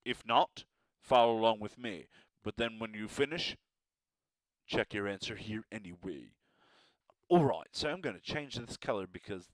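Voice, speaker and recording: A man's voice: fairly low pitch, expressive, moderate pace, no echo. A man teaching a math lesson, encouraging and playful with joking asides.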